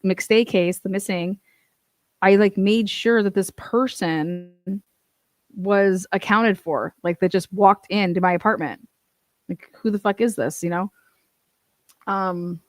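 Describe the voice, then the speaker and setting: A woman's voice: lowish voice, dry recording. Blunt, profane woman commenting on true crime. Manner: blunt, profane, animated storytelling. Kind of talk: casual commentary.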